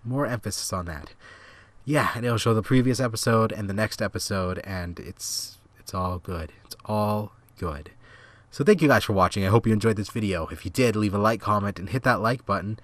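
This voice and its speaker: Chatty low-voiced gaming commentator man. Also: brisk, dry recording. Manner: chatty, rambling, excitable outbursts at the game. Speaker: gaming channel host. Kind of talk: casual gameplay commentary.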